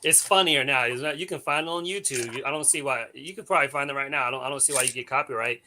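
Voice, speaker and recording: A man chatting casually as a show co-host. His voice is bright and forceful. He tells animated stories with coarse slang and laughs often. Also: mid-range voice, quick pace, slight background noise. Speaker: podcast co-host. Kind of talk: casual chat.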